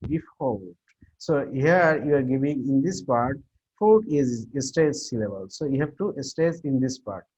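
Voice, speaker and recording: An English teacher gives a classroom lecture on pronunciation, covering word stress and intonation, in a mid-range, slightly mellow voice. He's halting, often repeating himself, restarting sentences, and using many fillers. The recording is muffled and lo-fi.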